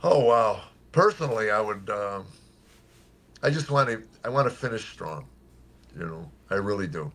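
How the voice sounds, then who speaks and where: A comedian in his seventies telling stories in a radio interview, lively when quoting people and quiet and earnest on serious points. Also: normal speed. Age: 70s. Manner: animated storyteller, jumps high for quoted voices. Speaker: comedian guest.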